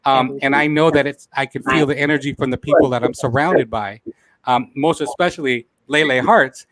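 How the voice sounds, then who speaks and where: A man's mid-range voice, fairly bright and fairly even in intonation, comes through at normal speed with no echo as he hosts a live talk show. Heartfelt and repetitive, he tells viewers in this emotional live-stream chat that he's near tears.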